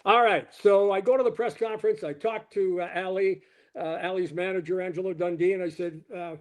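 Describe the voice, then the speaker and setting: A man's voice: sits high, fairly quick. An older man, a retired sportscaster from Canada, telling a story in an interview and quoting the people in it. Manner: animated anecdote teller, quoting people in his stories. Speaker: sportscaster guest.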